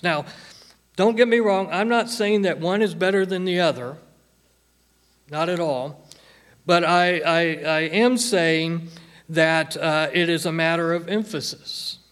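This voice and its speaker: A male pastor delivering a sermon at an unhurried pace. He speaks in a slightly raised register, stressing and repeating phrases to drive points home. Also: a little high, fairly bright tone. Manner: slow, emphatic preaching with repeated phrases.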